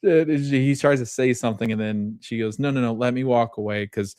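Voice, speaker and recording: Male podcast host, thirties, mid-pitched, casual recap talk, dry close sound. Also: brisk, a little mellow, smooth, dry recording. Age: 30s. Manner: chatty, retells scenes with quoted dialogue and laughs often.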